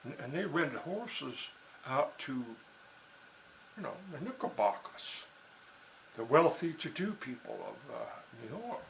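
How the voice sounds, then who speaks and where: A man's voice: fairly high pitch, wildly swooping pitch, unhurried, creaky, slight background noise, low-quality recording. A man talking in a rambling, digressive monologue, full of "you know" and "see" and restarts. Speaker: writer and blogger.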